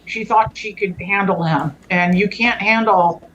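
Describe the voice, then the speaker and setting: A woman with a medium-pitched, fairly bright voice speaks a little slowly, and the sound is lo-fi. A guest on the show, she tells a long personal story in an earnest, conversational style, rambling and frequently restarting and self-correcting.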